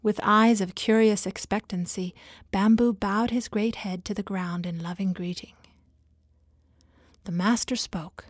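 A woman narrating a fable in a soft, lyrical, often half-whispered reading. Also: medium pitch, steady tone, unhurried, no echo, clean studio sound. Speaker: storyteller. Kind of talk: scripted narration.

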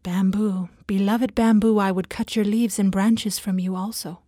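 A woman voicing a grave, loving male master of a garden, speaking in a solemn, measured way. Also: medium pitch, little pitch movement, dark tone, no room sound, clean studio sound, close to an everyday voice.

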